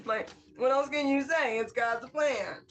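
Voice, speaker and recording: A tarot reader talking casually to viewers, excitable and laughing often, stretching out exclamations. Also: high voice, a little slow, a little hiss or hum.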